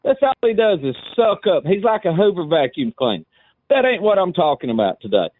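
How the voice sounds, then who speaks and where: A man calls in over a tinny phone line, his high voice swooping up and down as he ribs the host in a mocking, sing-song way. The sound is dry and narrow. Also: sing-song, brisk, no room sound. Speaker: caller. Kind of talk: trash-talking call-in banter.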